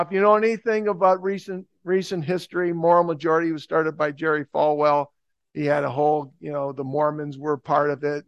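A man, preaching a lively, humorous sermon with an emphatic delivery. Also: a little high, creaky, dry recording, lo-fi sound. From New Jersey, USA. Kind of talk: sermon with storytelling.

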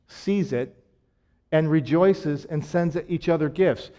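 A man's voice: a little high, slow, mellow. A man preaching a sermon in a conversational way, with self-deprecating jokes and emphatic repetition.

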